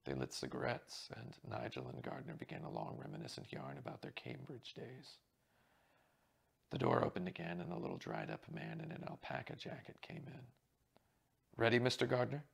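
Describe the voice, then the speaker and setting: A man with a gravelly, husky voice, steadily reading a mystery novel aloud. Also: deep voice, huge pitch swings, moderate pace. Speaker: audiobook reader.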